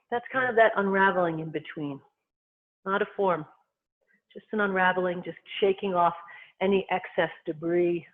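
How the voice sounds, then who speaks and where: A qigong instructor guiding movement and breathing, giving calm, unhurried cues in short phrases. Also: medium pitch. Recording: tinny phone-like sound.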